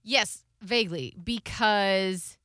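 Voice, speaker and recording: A woman in her thirties, a radio morning show co-host, telling a story in casual podcast chat, animated and laughing often. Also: mid-range voice, slow pace, no echo, clean studio sound.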